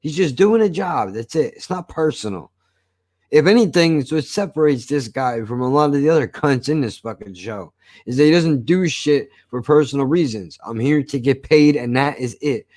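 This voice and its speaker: A man's voice: on the high side, moderate pace. Man ranting casually, swearing. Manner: swears constantly, animated storytelling. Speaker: show reviewer. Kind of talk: casual profane rant.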